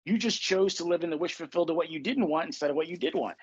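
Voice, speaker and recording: High, husky-voiced blunt male podcast host. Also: racing, highs cut off. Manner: blunt, profane, emphatic. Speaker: podcast host and manifestation coach. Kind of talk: casual podcast talk.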